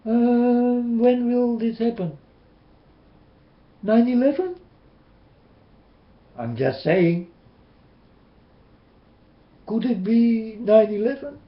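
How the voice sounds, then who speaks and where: Guy preaching into his webcam, high voice, roomy muffled sound. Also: animated, extremely slow, long pauses. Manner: urgent, repeating, pleading with listeners. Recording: roomy, dull webcam audio.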